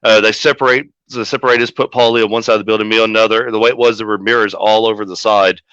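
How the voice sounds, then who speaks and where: A man with a bright, forceful voice tells a long, profanity-laced story about a backstage fight. He plays every quote with gusto, and he sounds like the manager he says he is. The recording is dry and a bit dull. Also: fairly low pitch, little pitch movement, rapid-fire, smooth, dry recording. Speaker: wrestling manager guest. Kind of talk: casual storytelling interview.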